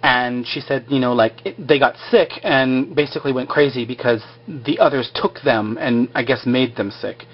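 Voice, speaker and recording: A man's voice: mid-range voice, normal speed, hardly any pauses, muffled recording. A man casually recapping a show over his drawings, rambling and filler-heavy.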